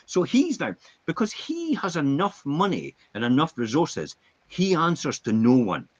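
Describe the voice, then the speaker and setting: A man co-hosting a business podcast in casual chat, an animated storyteller who acts out quotes. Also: a little high, unhurried. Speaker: podcast co-host. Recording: dull lo-fi podcast audio.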